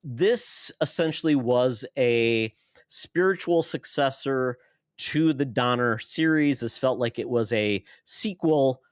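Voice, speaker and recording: A man's voice: mid-range voice, slow, clean tone, no echo. Explaining man on a dry close mic. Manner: explanatory, walks through plot points. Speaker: podcast co-host. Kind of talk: casual chat.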